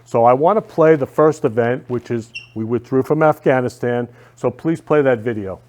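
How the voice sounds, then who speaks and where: A man's voice: medium pitch, moderate pace, a little mellow. A man hosting his own talk show, speaking earnestly and emphatically, often repeating himself. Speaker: host. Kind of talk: casual monologue.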